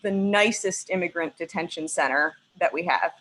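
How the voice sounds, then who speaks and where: Woman doing standup on a video call, bright clear voice, cusses a lot, preacher pauses. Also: on the low side, poor audio. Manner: emphatic, profane, pausing like a preacher between lines. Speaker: stand-up comedian.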